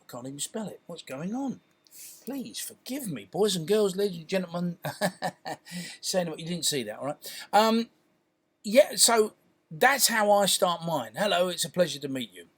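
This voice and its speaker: A middle-aged man, a content creator and filmmaker, talking casually to camera in a chatty, playful way with lots of "yeah?" tag questions. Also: on the high side.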